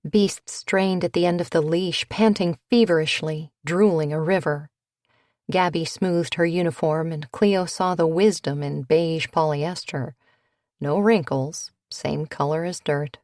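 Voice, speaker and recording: Slow, low-pitched woman narrating. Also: no room sound, studio quality. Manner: even, unhurried reading that lifts into character voices for dialogue. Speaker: audiobook narrator. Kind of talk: scripted narration.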